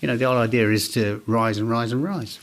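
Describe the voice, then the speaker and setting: A businessman in his forties tells his stories with animated energy. He slips into the voices of the people he quotes, keeping an easy, conversational tone throughout the interview. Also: medium pitch, quick pace. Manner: animated anecdotes, acts out quoted dialogue. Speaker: business owner guest. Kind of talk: casual storytelling interview.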